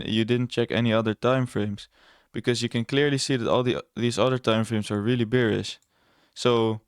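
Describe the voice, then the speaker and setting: A young trading educator casually walks through his trades in a screen-share, rambling, correcting himself, and sounding blunt and a little sarcastic. His mid-range voice has vocal fry, recorded clean in studio quality without room sound.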